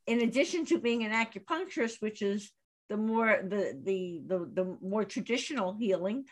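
A woman with a higher voice hosts a casual interview. She heaps praise on her guest and then asks long, rambling questions. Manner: effusive, quick praise before long questions. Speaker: interview host.

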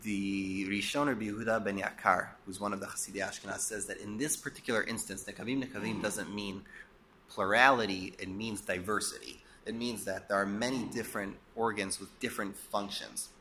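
A man teaching a Torah class, explaining and posing rhetorical questions, a bit hoarse and coughing as he loses his voice. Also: fairly low pitch, steady tone, brisk, sharp tone, a little hiss or hum. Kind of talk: lecture.

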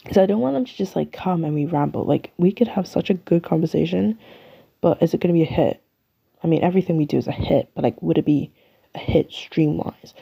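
A young English woman from the UK hosts a solo podcast, rambling casually and poking fun at herself. She talks fairly quickly in a low, warm, husky voice with some creak.

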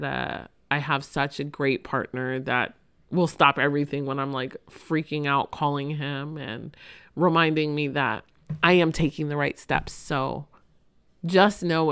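Low smooth-voiced woman podcaster. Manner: chatty, emotional, laughs often. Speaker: podcast host. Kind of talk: casual podcast monologue.

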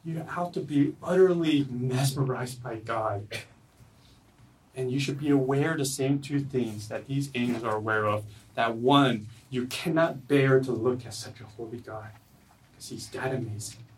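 A man preaching a sermon at a church service, earnest, swinging from loud emphatic lines to low quiet ones. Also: measured pace, distant mic, low-quality recording. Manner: earnest, rises loud then drops low and soft. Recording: voice from away from the mic.

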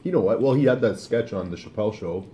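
A man's voice: on the low side, expressive, quick pace, a loud crowd. A man co-hosting a podcast in casual chat, laid-back and easily amused. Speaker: podcast co-host.

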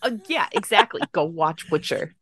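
A woman co-hosting a book podcast in casual chat, blunt and a bit sweary. Her voice swings widely in pitch, and the sound is dry. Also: expressive, moderate pace, a bit bright, no echo. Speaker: podcast co-host.

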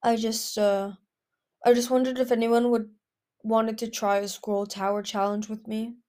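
A woman's voice: a little high, little pitch movement, a little slow, warm tone, lightly acted. A woman doing Thoughtful, a shy young male dragon.

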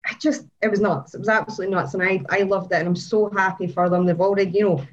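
A woman chatting excitedly on a podcast, gushing and laughing often. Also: medium pitch, fast, lo-fi sound. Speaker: podcast co-host. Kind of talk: casual chat about motor racing.

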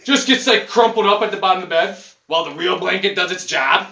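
A man hosting a casual podcast from his couch, ranting in a profane, animated way. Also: high voice, a little fast. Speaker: podcast host. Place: living room at home, on a couch. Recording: echoey room.

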